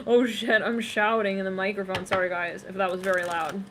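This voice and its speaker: Chatty bright-voiced woman tarot reader. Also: mid-range voice, fairly even intonation, normal speed, a little hiss or hum. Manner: rambling, laughs often, breaks into snippets of song; chatty, addresses viewers directly. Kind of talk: casual psychic tarot reading.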